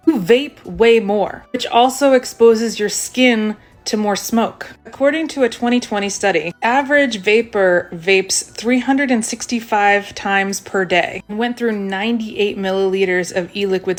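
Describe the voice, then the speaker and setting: A woman explaining things plainly and matter-of-factly in an informative vlog. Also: medium pitch. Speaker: social media commentator.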